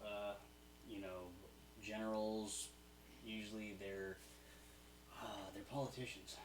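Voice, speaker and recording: A man's voice: on the low side, level tone, slow, slight background noise. A man co-hosting a casual podcast chat, explaining things plainly and swearing freely. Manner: explanatory, profane. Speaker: podcast co-host. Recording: roomy echo.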